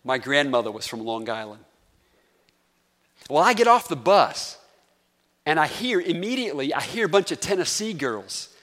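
A man's voice: fairly high pitch, sing-song, normal speed, long pauses, fairly bright tone, big-room sound. A man from North Carolina with a Southern accent, preaching a sermon as pastor in a conversational way and putting questions to the congregation. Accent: Southern American, North Carolina.

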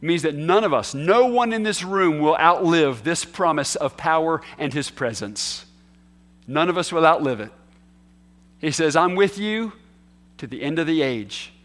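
A man preaching a sermon as pastor, earnest, moving from quiet asides to emphatic declarations. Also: a little high, lively intonation, normal speed. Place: church hall.

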